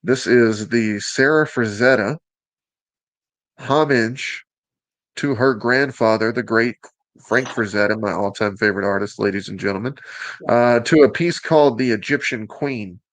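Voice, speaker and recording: A man's voice: lowish voice, measured pace, a bit bright, no echo. A man from Alabama with a Southern accent hosting a show, presenting in an upbeat, joking way with teasing asides. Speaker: host.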